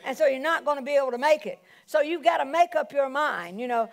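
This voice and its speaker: A woman pastor preaching a sermon, animated and full of exclamations. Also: sits high, fast talker, creaky.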